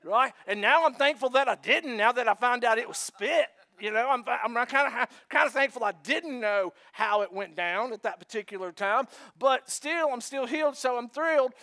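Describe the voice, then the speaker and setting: A male pastor preaching a sermon in an animated, joking way, acting out the story scenes. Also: very high voice, moderate pace, hardly any pauses.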